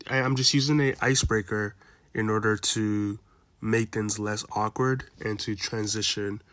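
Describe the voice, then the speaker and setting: A man explaining a door-to-door sales pitch step by step, in a coaching tone, marking each step with a quick "boom.". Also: fairly even intonation, fairly bright tone. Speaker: sales trainer. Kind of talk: instructional breakdown of a sales pitch.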